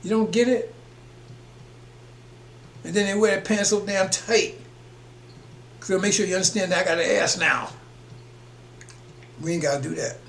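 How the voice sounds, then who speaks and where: Gravelly, emphatic man preaching in echoey room. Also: sits high, moderate pace, long pauses, fairly bright tone. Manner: emphatic, rambling, chuckles between points. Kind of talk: preaching broadcast. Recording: echoey room with faint hum.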